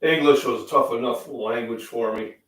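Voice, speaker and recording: A man's voice: medium pitch, moderate pace, a bit bright. Midwest guy rambling on his breakfast chat, a bit sick, kinda far from the mic in an echoey room. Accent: Midwestern American. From Illinois, US Midwest. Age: middle-aged. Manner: rambling, chatty, frequent fillers. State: under the weather, coughing and throat-clearing. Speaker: fitness channel host. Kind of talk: casual live-stream breakfast chat.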